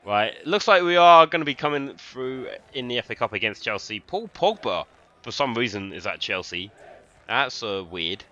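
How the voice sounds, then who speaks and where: A young man from London with a London English accent, chatting excitably to viewers and swearing freely while commentating his own football game. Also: mid-range voice, normal speed, dull audio. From London, England. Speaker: gaming streamer. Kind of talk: live gameplay commentary.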